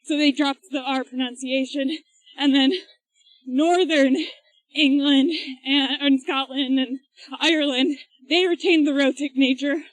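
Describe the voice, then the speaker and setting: High-voiced chatty woman on a run. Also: fairly even intonation, a little slow, dry recording, low-quality recording. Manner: chatty, explains at length with laughs. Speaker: podcast co-host. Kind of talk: casual chat while running. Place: outdoors, on a run.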